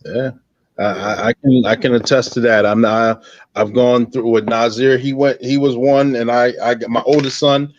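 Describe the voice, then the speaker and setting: A man's voice: mid-range voice, fairly even intonation, normal speed. A man hosting a podcast panel, a supportive listener who chimes in with short affirmations. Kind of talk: casual panel discussion. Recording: slightly dull dry audio.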